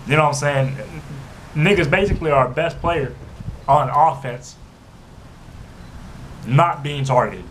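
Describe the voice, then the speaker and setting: A man's voice: fairly high pitch, poor audio. A young man ranting heatedly about his football team, swearing constantly and repeating his filler phrases. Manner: profane, heated, repeats "you know what I'm saying". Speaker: sports fan vlogger. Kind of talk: angry fan rant. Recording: faint background noise.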